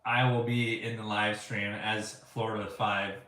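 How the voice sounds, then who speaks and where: A man's voice: fairly low pitch, little pitch movement, a little slow, bright, forceful tone. A man co-hosting a family live stream in an easygoing, teasing way, reading viewer comments aloud. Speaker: co-host reading live chat. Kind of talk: casual live-stream chat. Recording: echoey room, distant mic, faint hiss.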